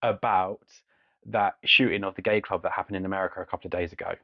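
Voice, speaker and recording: A man co-hosting a podcast, telling stories in a casual, animated way, laughing often and swearing freely. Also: low voice, fast, creaky, dry recording. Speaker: podcast co-host. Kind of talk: casual chat. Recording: dull lo-fi dry podcast audio.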